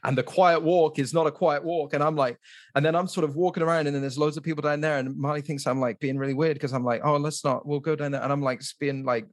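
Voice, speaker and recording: A man's voice: on the high side, fairly even intonation, fast talker, dry recording, studio quality. A man speaking as a podcast guest, telling a story in a casual, rambling way with lots of "like" and restarts.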